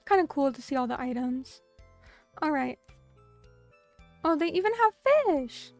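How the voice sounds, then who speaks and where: A woman's voice: high-pitched, lively intonation, a little slow, darkish tone, soft background music. A young woman streaming, chatting casually with her viewers and reacting to their comments in a bubbly, chatty way. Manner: bubbly and chatty, reading out chat comments, many fillers.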